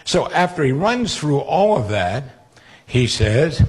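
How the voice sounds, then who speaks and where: A man preaching a sermon, retelling Bible stories with animated quoted voices. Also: on the high side, slow pace, breathy edge.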